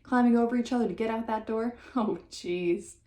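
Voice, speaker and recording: A woman's voice: on the high side, moderate pace, mellow, lightly acted. A woman reading aloud and voicing a wild, teasing young boy who pretends to be crazy, with a screechy, gleeful manner. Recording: roomy echo.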